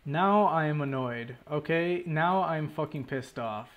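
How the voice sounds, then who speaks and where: A man's voice: on the high side, a little slow, narrow, tinny audio. A man casually commentating his own gameplay, talking to himself, stressed, annoyed and swearing often. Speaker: gaming channel host. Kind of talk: casual let's play commentary.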